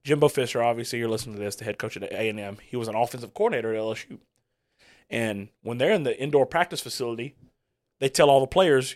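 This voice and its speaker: Rowdy, profane sports podcast host. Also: male voice, medium pitch, quick pace. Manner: profane, laughs often, animated storyteller. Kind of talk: rowdy casual sports chat.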